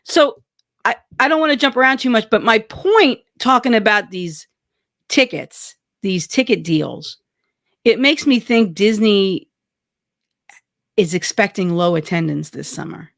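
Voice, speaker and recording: A middle-aged woman co-hosts a podcast in loose, casual chat, often correcting herself and laughing. Her voice has a gravelly, fry-tinged texture. It is recorded close and dry. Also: mid-range voice, animated, a little slow, dry recording. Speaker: podcast co-host.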